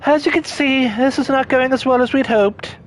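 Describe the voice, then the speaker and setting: A man's voice: very high-pitched, moderate pace, voice pushed up, poor audio. A man voicing a precise, formal male machine unit that runs a cafe, reading game dialogue in clipped, clinical phrasing. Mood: polite.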